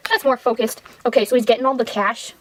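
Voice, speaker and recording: A woman's voice: fairly high pitch, steady tone, fast, fairly bright tone, slight background noise, low-quality recording. A woman casually retelling a film's plot while drawing, in a rambling, irreverent way full of fillers. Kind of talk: rambling casual film recap.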